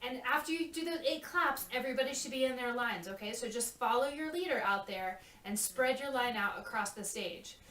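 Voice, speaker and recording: A woman's voice: a little high, lively intonation, a little fast, few pauses, a bit bright. A woman walking a youth cast through a dance routine, chatty and often checking in with "okay?". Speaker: choreographer. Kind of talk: dance walkthrough. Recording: echoey room, mic at a distance.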